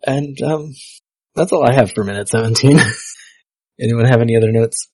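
A man with a husky, slightly breathy voice trades wry remarks with his guests. The sound is dry and close to the mic, with no room around it. He sits at a middle pitch and keeps an easygoing chatty flow. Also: moderate pace, darkish tone, no room sound, low-quality recording. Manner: wry, reads out screening notes. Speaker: podcast host. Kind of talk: casual podcast chat.

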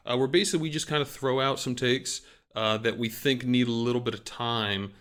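A man's voice: mid-range voice, brisk, a bit bright, smooth. A man co-hosting a casual sports podcast, talking in a rambling, self-deprecating way with many fillers. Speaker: podcast co-host. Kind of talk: casual chat.

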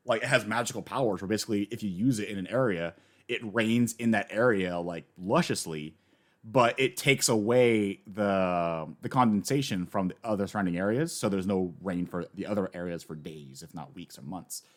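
A man in casual chat, recapping a story with lively enthusiasm and acting out the characters he quotes. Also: lowish voice, normal speed. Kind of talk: casual manga discussion.

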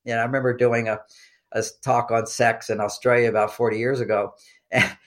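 A man's voice: medium pitch, flat delivery, fairly quick. An older man, a guest expert on relationships, explaining in casual interview talk with frequent fillers and restarts and a coaching tone.

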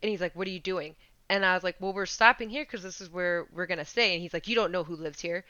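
A young woman telling a story in a casual chat, animated, swearing freely and laughing. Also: on the low side, quick pace, dry recording. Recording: dull lo-fi sound.

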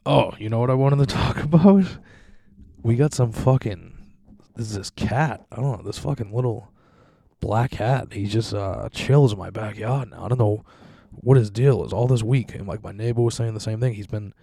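A man's voice: lowish voice, normal speed, vocal fry, dark tone, breathy edge, no echo, studio quality. Crude rambling male podcast host. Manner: profane, rambling, laughs at own jokes. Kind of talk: crude casual monologue.

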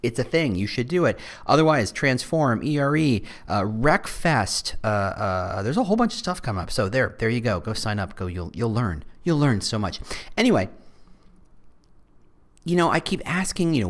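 A man's voice: mid-range voice, big pitch swings, moderate pace. A man hosting a podcast in a casual monologue, rambling and interrupting himself with asides. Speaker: podcast host.

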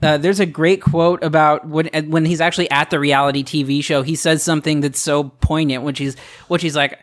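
A man's voice: a little high, steady tone, fairly quick. A man co-hosting a podcast in casual chat, rambling and hesitant, circling his points before landing them. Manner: rambling, hesitant, many fillers and restarts, laughing along.

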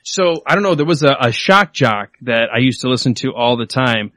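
A man hosting a podcast in casual chat, playful and quick to laugh, often slipping into silly voices. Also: medium pitch, expressive, fairly bright tone, no echo. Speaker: podcast host.

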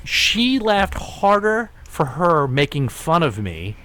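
A man in his forties telling a long story in casual podcast chat, with restarts and animated asides. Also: a little high, takes it slowly. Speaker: podcast host.

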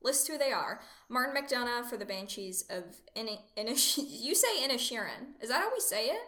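Bright-voiced woman in a roomy space. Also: a little high, big pitch swings. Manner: opinionated, chatty, quick to laugh. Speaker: podcast co-host. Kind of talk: casual film chat.

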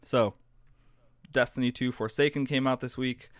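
A man's voice: medium pitch, fairly even intonation, moderate pace, no room sound. A man co-hosting a gaming podcast, chatting casually with a wry, teasing manner. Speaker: podcast co-host. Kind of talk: casual chat.

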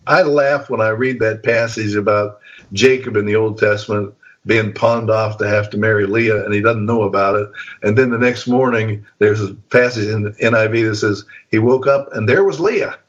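An older man, a veteran preacher, telling stories in a relaxed interview and chuckling often. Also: fairly low pitch, moderate pace. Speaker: guest preacher. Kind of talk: conversational interview. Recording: dull lo-fi recording.

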